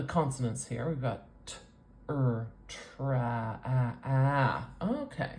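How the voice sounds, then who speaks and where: North american lady coaching pronunciation, low voice, slow sound demos, faint hiss behind. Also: mellow. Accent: North American English. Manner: clear, patient explanations with drawn-out sound demos. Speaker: speech and IPA coach. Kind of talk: teaching with a whiteboard demo.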